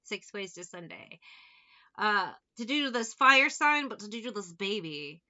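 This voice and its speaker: A woman's voice: medium pitch, lively intonation, unhurried, sharp tone, muffled recording. A woman giving a casual tarot reading, talking bluntly with plenty of swearing and sarcastic asides. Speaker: tarot reader.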